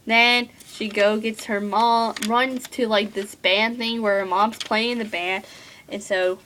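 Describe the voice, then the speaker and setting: A woman's voice: medium pitch, fairly even intonation, takes it slowly, pushed and bright, slight background noise, low-quality recording. A teenage girl reviewing a book at home in a rambling, gushing way, full of filler words. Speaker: book vlogger.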